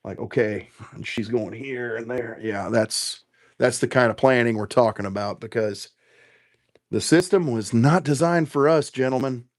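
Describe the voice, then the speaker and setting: Guy on a livestream, cussing a lot, rambly and animated, middle pitch. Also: normal speed. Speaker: bourbon livestream host. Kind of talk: casual livestream chat, tasting and reading comments.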